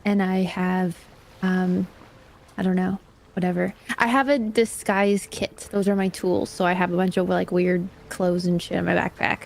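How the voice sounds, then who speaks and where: A woman player describing her character in a loose, chatty way. Her voice is mid-pitched, casual and quick to laugh. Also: flat delivery, creaky, darkish tone. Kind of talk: casual chat.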